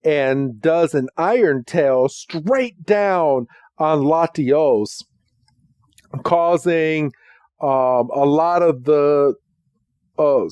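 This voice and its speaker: A male podcast host walks through a cartoon episode at an unhurried pace, pausing on ums as he goes. His voice sits a bit high for a man. The mic is close and dry, with no room sound. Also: dark tone, dry recording. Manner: chatty, with frequent ums and quick acted quotes. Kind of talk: casual episode recap.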